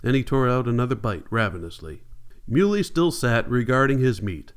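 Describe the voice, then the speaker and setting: A male audiobook narrator with a smooth, resonant voice at a middling pitch. He reads steadily and in a measured way, keeping to plain scripted narration. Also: big pitch swings. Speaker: audiobook reader.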